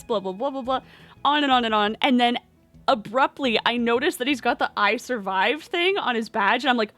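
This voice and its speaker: Excitable high-voiced young woman streamer. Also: brisk, soft background music. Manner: chatty, excitable, cooing baby talk to her pet bird. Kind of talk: casual chat on stream.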